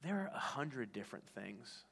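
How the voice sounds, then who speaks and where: Male pastor, mid pitch, conversational sermon storytelling, long hall reverb. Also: big pitch swings, moderate pace, gravelly, a bit bright, husky. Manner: conversational storytelling, frequent restarts.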